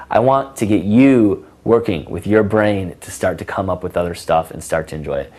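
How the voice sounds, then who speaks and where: A dating coach with a deep, slightly mellow voice talks through conversation tips. His instruction is casual and playful, and he acts out sassy lines to illustrate his points.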